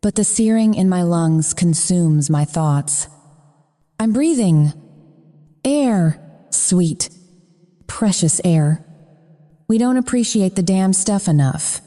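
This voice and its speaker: Slow, dark-voiced woman narrating. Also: on the low side, in a large hall. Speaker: audiobook narrator. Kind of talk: first-person romance narration.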